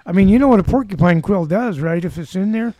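A man's voice: high-pitched, expressive, fast, dark tone, dry recording. A man in his seventies, a podcast guest, telling rambling anecdotes with dry humor. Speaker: guest, former backcountry ranger. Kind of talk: casual storytelling.

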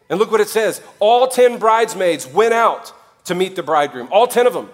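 A male pastor preaching a sermon, animated, with sudden drops to quiet and jokey asides in put-on voices. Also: high-pitched, moderate pace.

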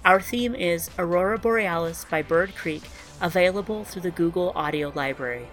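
A woman narrating a short story for a podcast in a measured, even storytelling manner. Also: fairly low pitch, soft background music. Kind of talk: scripted narration.

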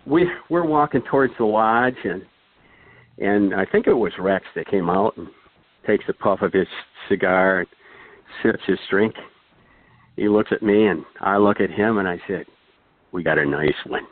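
A man appearing as a podcast guest rambles casually through a long anecdote, chuckling and tossing in asides. His voice is on the low side at a normal speed. The recording is dry with no echo and has a thin, phone-like sound.

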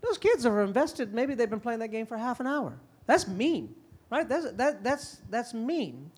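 A middle-aged man speaking at a parenting conference, lively and conversational, often slipping into quick impressions of parents and kids. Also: very high-pitched, husky. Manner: animated, acts out parents and kids in quick quoted voices. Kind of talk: conference talk.

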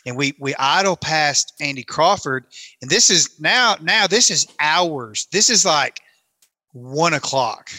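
A man's voice: fairly high pitch, lively intonation, slow, pushed and bright, no echo. A man, telling a long self-mocking story in casual chat and acting out his own lines. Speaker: camera operator telling a story.

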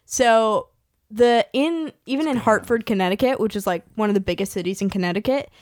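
A woman's voice: fairly high pitch, brisk, darkish tone, no room sound, studio quality. A woman in her twenties from California, hosting a podcast in a casual, chatty way with lots of fillers and laughs. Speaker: podcast host.

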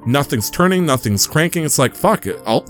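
A man's voice: a little high, expressive, fairly quick, soft background music. A young man hosting a podcast, telling a rambling story in casual chat and swearing freely. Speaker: podcast host.

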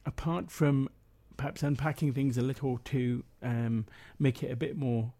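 Man reading the bible out loud at a prayer meeting, mellow relaxed voice, steady, some uhs when he talks off the page. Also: mid-range voice, normal speed. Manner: steady reading, with hesitant fillers when speaking freely. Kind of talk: Bible reading and spoken commentary.

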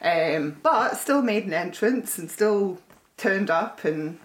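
A Scottish woman talks as a podcast guest, telling her stories in a chatty, giggly way. Her voice sits at an ordinary pitch, and the sound rings with a noticeable roomy echo. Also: animated, takes it slowly. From Scotland. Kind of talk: casual conversation.

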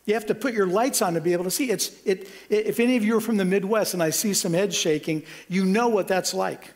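Man, pastor preaching, high voice, earnest, restarts, climbs for emphasis. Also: fast. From Kansas. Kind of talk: sermon.

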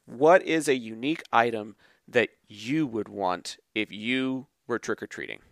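A man co-hosting a podcast in a casual chat, reading out tweets and acting out the quoted kids loudly, laughing often. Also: mid-range voice, a little slow, no echo, clean studio sound. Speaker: podcast co-host.

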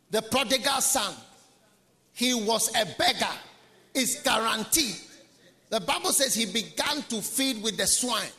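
A male pastor preaching an emphatic, repetitive sermon in a high, bright voice. He swings between hushed lines and shouts, and a long reverb fills the large conference hall.

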